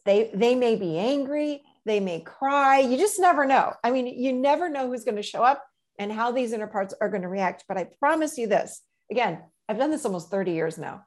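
A middle-aged woman coach telling stories in a gentle, reflective way in a casual interview. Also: fairly high pitch, animated, moderate pace. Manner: gentle, reflective storyteller with many "you know"s.

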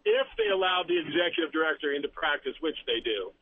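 A man's voice: fairly high pitch, sing-song, fast. A man, an executive director, talks chattily on a call-in radio interview, often repeating words as he restarts. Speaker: bowl game executive director. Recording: tinny phone line with faint noise.

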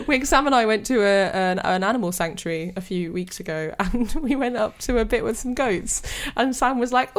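A woman's voice: on the high side, lively intonation. A young woman from the countryside, a comedian chatting on a podcast, joking and giggling as she talks. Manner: giggly, fast, jokey. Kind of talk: casual comedic chat.

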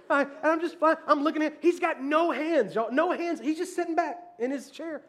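A male pastor telling a funny story in a sermon, laughing often as he talks, then turning low and soft when reflective. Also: brisk, few pauses.

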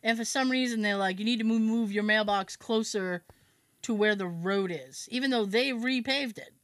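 A woman's voice: a little high, normal speed, no echo. Dry-voiced woman telling a story. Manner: animated storyteller, acts out other people's lines; self-mocking, swears casually. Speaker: podcast host. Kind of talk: casual chat.

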